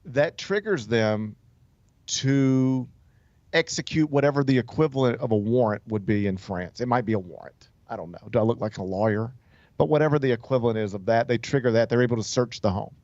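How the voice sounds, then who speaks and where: A man at a middle pitch hosting a talk show, spinning a story in a loose, chatty way, full of fillers and false starts. His voice sits close and dry, without room sound, and the recording is a little muffled and dull. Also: fairly quick, darkish tone, dry recording. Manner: loose, rambling delivery full of "like" and "um", with frequent restarts. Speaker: sports radio host.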